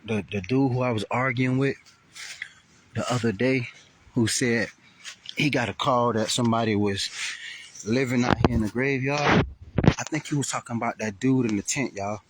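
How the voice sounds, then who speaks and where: A man's voice: mid-range voice, normal speed, pauses often, noisy background. A man telling a rambling, profane story on a casual outdoor livestream. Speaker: vlogger. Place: outdoors, riding around a graveyard.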